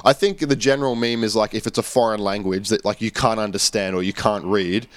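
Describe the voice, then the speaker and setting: A man's voice: on the low side, steady tone, brisk, no room sound. A young man, telling stories as a podcast guest in a rambling, casual way full of fillers. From Australia. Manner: rambling storyteller, many fillers and restarts. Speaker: guest musician.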